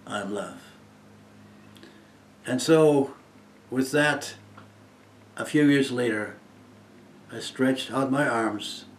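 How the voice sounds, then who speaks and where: Old guy giving a slow heartfelt talk, goes loud then hushed, roomy echo. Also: mid-range voice. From Germany. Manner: earnest, swings between loud emphasis and soft hushed phrases. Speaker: guest speaker. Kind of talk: inspirational testimony talk.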